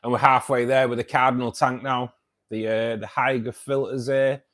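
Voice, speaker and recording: A man hosts a casual aquarium channel livestream, speaking at a moderate pace in a medium-pitched, level voice that's a bit bright. He chats with viewers in a friendly but hesitant way, often restarting, saying um, and calling people mate and buddy.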